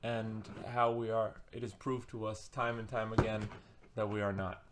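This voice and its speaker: A man's voice: fairly low pitch, level tone, moderate pace, heavy background noise. A man giving a casual, sarcastic and rambling book review as a vlogger, with comic asides.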